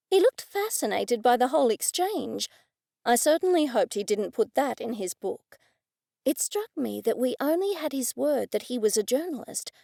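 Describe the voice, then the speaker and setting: A woman narrating an audiobook in the first person with measured, even storytelling. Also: a little high, vocal fry, dry recording, studio quality.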